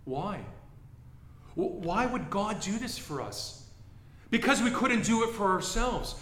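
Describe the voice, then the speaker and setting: A man preaching a sermon as a pastor, in a dramatic style that swings from hushed lines to shouted ones. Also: high-pitched, normal speed, echoey room, slight background noise.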